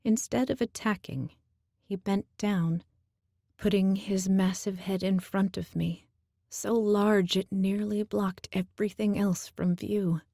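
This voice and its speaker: A woman narrating a first-person fantasy audiobook in a slow, emotional storytelling manner on a close studio mic. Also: mid-range voice, fairly even intonation, creaky, dark tone, no echo.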